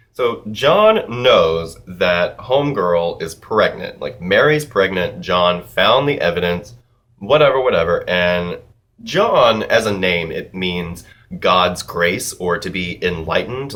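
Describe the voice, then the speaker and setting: Male TV reviewer, low voice, casual, profane, animated rambling. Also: slow pace. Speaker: TV episode reviewer.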